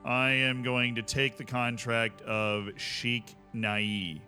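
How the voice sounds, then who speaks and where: A man's voice: medium pitch, flat delivery, slow, sharp tone, faint music behind. A man streaming a strategy game, chatting casually with his viewers in a self-mocking way over a headset mic. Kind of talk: livestream gaming commentary.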